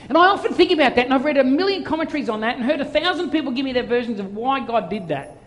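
A man delivers a sermon with lively, story-driven energy and slips into playful voices. His voice sits high for a man. The sound carries a long reverb, as if recorded in a large hall. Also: racing. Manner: animated storytelling, acts out voices. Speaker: pastor.

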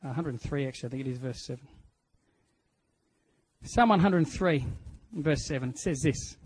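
A man's voice: medium pitch, moderate pace, long pauses, husky, no room sound, rough recording. Earnest Australian man giving a testimony. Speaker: preacher sharing personal testimony. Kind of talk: personal testimony sermon.

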